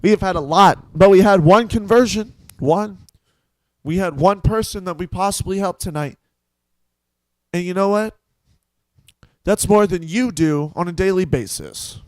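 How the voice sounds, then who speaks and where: Male co-host, deadpan mock threats, dry recording, voice a bit high. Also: measured pace, no echo. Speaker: comedy show co-host. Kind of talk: mock-preachy comedic banter.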